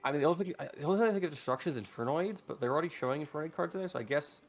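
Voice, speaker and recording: A man's voice: on the high side, expressive, very fast, faint music behind. A man co-hosting a card game stream, chatting casually and often restarting his sentences.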